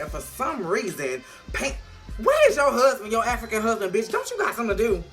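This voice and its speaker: A woman doing a sassy, profane recap of a reality show, animated and playful. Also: a little high, fairly quick, faint music behind. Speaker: vlogger reviewing a reality show.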